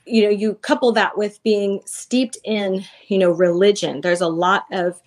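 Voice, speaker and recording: A woman's voice: medium pitch, steady tone, unhurried. A woman in her thirties, a podcast guest, telling a personal faith story in casual, earnest talk full of fillers. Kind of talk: casual testimony.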